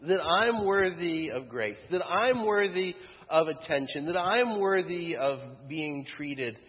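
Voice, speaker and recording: A man preaching a sermon as pastor, building to loud peaks and dropping to hushed lines. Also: a little high, lively intonation, slow. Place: church sanctuary. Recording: thin phone-like sound with long church reverb.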